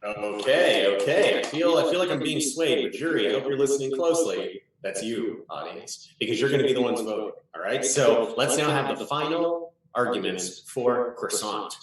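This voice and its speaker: A man hosting an online improv comedy show as a mock judge, running the rounds in a brisk, playful way. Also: medium pitch, animated. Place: home room on a video call. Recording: echoey room, far from mic.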